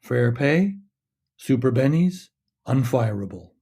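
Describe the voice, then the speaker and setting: Guy reading his own short story out loud, mellow warm tone, steady and measured. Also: mid-range voice, husky.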